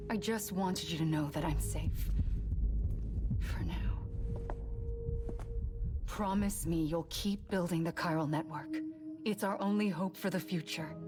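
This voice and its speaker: An actress gives a game heroine cut off in a destroyed city, pleading with quiet urgency and hope in a fairly low voice. Loud score swells behind her throughout the cutscene. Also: unhurried, pauses often, music in the background, close to an everyday voice. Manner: earnest, pleading. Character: young woman trapped in a ruined city, urgent, hopeful. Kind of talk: video game cutscene dialogue.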